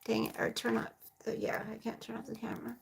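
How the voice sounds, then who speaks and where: A woman's voice: a little high, monotone, quick pace, gravelly, background noise. A woman in her forties chatting casually on a livestream, rambling and talking straight to her viewers while answering their comments. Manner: rambling and chatty, talks to viewers as "you guys". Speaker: livestreaming mom vlogger.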